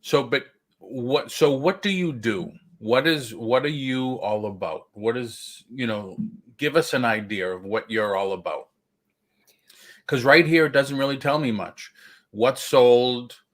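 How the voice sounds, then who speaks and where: A man hosting a casual livestream chat, talking haltingly with many fillers and restarts. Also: mid-range voice, a bit bright. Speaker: livestream host.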